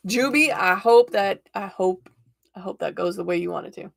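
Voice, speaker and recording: A woman's voice: mid-range voice, moderate pace, vocal fry, no echo, clean studio sound. A woman hosting a live tarot stream, chatting casually and encouragingly and laughing often. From United States.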